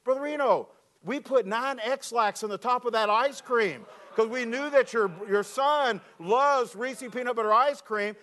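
A man's voice: very high-pitched, a little slow, bright, forceful tone, pitched above the performer's own voice, exaggerated voice. A man voicing a sheepish teenage boy who hesitates and pleads as he owns up to a prank.

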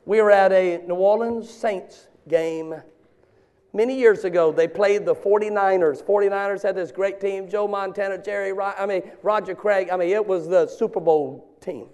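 Preacher guy in his 50s, really high voice, yells and jokes around. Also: moderate pace, smooth. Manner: animated, shouting bursts and joking asides. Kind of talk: sermon.

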